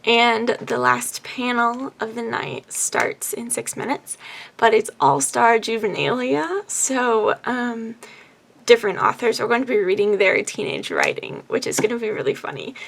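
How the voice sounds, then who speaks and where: A woman's voice: a little high, lively intonation, a little slow, creaky, fairly bright tone, a little hiss or hum. A young woman in her twenties chatting casually in a book vlog from her bedroom, upbeat and full of "like" fillers. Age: 20s. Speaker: book vlogger. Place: bedroom at home. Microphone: camera on the bed.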